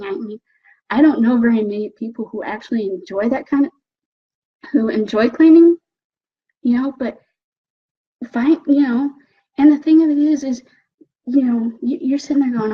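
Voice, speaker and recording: Upbeat woman coach, slightly husky voice. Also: fairly high pitch, measured pace, pauses often, muffled recording. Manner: animated, repeats "okay?" often, acts out her own excited inner voice. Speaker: motivational coach. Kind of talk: motivational talk.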